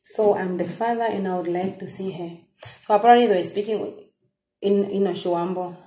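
A young woman with a Namibian accent talks straight to her viewers, stopping and restarting as emotion catches her. Her tone is mellow and warm rather than bright. The room around her rings with noticeable echo. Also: mid-range voice. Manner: emotional, halting, many restarts and fillers. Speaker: vlogger. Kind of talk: personal storytelling to viewers. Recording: echoey room.

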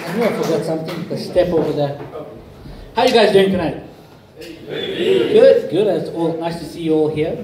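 A man performing a stand-up set on a club stage, delivering deadpan self-deprecating one-liners. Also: on the high side, fairly quick, crowd noise. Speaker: stand-up comedian. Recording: echoey club, distant mic, noisy.

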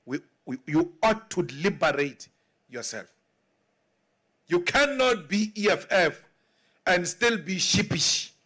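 A man in his forties with a South African accent, a party leader giving a political speech in slow, emphatic oratory that now and then rises to a shout. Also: high-pitched, sing-song. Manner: mocks others in acted quotes. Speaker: party leader addressing members.

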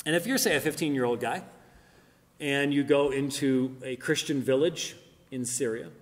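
A man's voice: mid-range voice, normal speed. A middle-aged man giving an apologetics lecture in a church hall. He argues emphatically and pushes his voice up on key points, with fillers and restarts in between. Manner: emphatic, argumentative, rising loud on key points. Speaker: Christian apologist speaker. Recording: long hall reverb.

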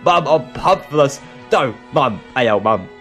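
A young man, excitable and chatty, hosting an improvised game role-play. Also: mid-range voice, a little slow. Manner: excitable, chatty, lots of laughs. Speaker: video host. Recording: faint music behind.

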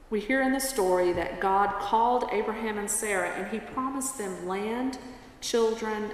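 Slow-speaking woman preacher in echoey church. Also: medium pitch, slight background noise. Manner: storytelling, unhurried. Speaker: pastor, guest preacher. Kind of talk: sermon. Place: church sanctuary. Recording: echoey church with long reverb, faint ambience.

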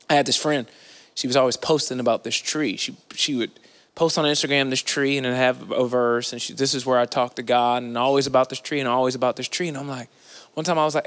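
A man's voice: mid-range voice, lively intonation, a little fast, pushed and bright, in a large hall. A man preaching a sermon in a conversational, playful way with slangy asides, recorded in a church sanctuary.

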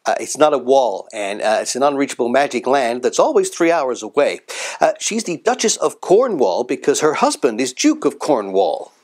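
Man playing a patient news correspondent, hesitant, lively pitch, sketch comedy. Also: moderate pace.

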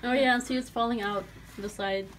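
A woman's voice: on the high side, steady tone, moderate pace, fairly bright tone. A woman chatting casually at home about the pets, teasing and voicing what they think. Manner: teasing, voices the pets' thoughts. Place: home room. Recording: home video with clear background noise.

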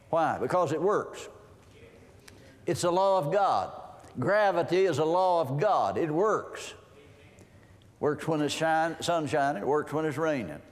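Folksy preacher man in a reverberant hall. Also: fairly high pitch. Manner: folksy, reads scripture aloud and explains it. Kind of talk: sermon.

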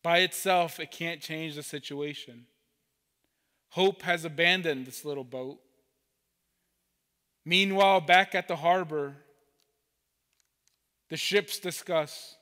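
A man preaching, telling a parable slowly and deliberately as a pastor. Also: fairly high pitch, sharp tone, long reverb tail. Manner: slow, deliberate storytelling. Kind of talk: sermon storytelling. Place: church sanctuary.

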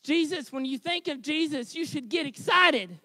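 A man preaching a sermon as pastor, with a high tenor voice, earnest and building to shouted exhortation. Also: expressive, moderate pace, no room sound.

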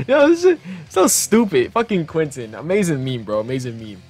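A young man hosting a gaming channel, reacting to memes in casual, excitable commentary that is full of swearing and frequent laughter. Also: fairly high pitch, moderate pace, husky, soft background music. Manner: excitable, profane, laughs often.

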